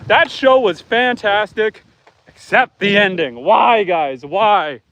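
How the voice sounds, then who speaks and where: A man's voice: sits high, takes it slowly, fairly bright tone, muffled recording. A man hosting a casual live stream outdoors on his farm, chatting with viewers and calling to his animals. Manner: chatty, reads viewer comments aloud, calls to animals. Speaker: homesteader live-streaming host.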